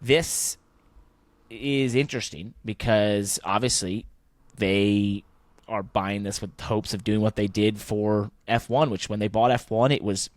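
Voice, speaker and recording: A man's voice: fairly low pitch, steady tone, unhurried, dry recording. A man in his thirties co-hosting a motorsport podcast, chatting enthusiastically with a voice wearing out. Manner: conversational, enthusiastic, with fillers. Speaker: podcast co-host. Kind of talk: casual motorsport podcast chat.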